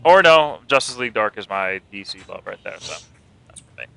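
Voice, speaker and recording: A man's voice: deep voice, fairly even intonation, a little fast, creaky, pushed and bright, faint music behind, poor audio. A man co-hosting a casual comic and movie news show, rambling, joking and swearing. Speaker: podcast co-host.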